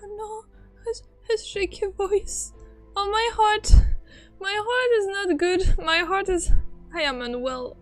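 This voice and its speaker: Excitable high-voiced woman streamer. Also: takes it slowly, faint music behind. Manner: excitable, flustered reactions between story text read aloud. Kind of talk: game reaction livestream.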